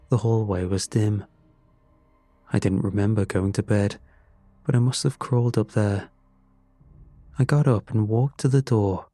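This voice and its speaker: Man reading a creepy story real slow, low mellow voice, faint music behind. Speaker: narrator. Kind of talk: scripted first-person story narration.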